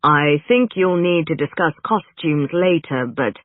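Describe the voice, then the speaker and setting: Careful smooth-talking agent guy, narrator playing him, hesitant with bad news, tinny phone-line sound. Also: fairly high pitch, expressive, measured pace, no echo. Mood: placating. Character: cautious male talent agent, smooth and placating. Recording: narrow phone-like band, dry.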